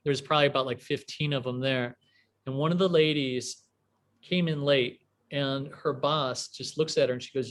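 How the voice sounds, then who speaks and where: A man's voice: medium pitch, clear, resonant tone. Chatty, rambling man telling a story. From US Midwest, small town near Chicago. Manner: rambling, animated storyteller with many fillers. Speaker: guest entrepreneur. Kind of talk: casual storytelling interview.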